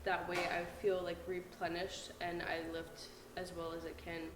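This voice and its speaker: A woman's voice: lowish voice, monotone, unhurried, heavy background noise. A young adult woman, a powerlifter, chatting casually to camera in a vlog and filling her talk with lots of "like". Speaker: powerlifter vlogger.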